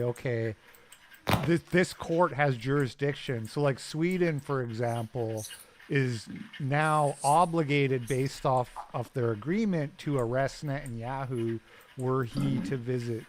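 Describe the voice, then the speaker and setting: A man's voice: medium pitch, slight background noise. A man hosting a podcast, chatting casually and sardonically about a news clip, with frequent laughs. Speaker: podcast host. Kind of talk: casual commentary chat.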